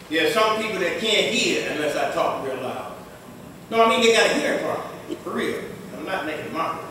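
A man, an imam, delivering a Friday sermon in a mosque, preaching emphatically and raising his voice to loud, deliberate declarations, clearing his throat often. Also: sits high, expressive, slight background noise. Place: large mosque prayer hall. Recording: echoey hall recording from far off.

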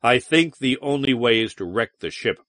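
A man's voice: medium pitch, animated, normal speed, fairly bright tone, dry recording, clean studio sound, natural voice. A man voicing a stern, sardonic alien warrior who speaks curtly and grimly. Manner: curt and grim.

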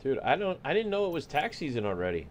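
A man's voice: on the high side, sing-song, fast talker, a little hiss or hum. A man streaming a flight simulator, chatting casually and joking with his viewers as he sets up the flight. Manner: laid-back, joking, thinking aloud. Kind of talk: casual live-stream chat.

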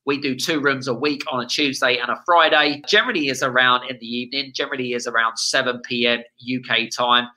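Bright-voiced man hosting, rambling. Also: medium pitch, steady tone, fairly quick, few pauses, low-quality recording. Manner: enthusiastic, rambling with many restarts. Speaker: podcast host. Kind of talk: casual interview chat.

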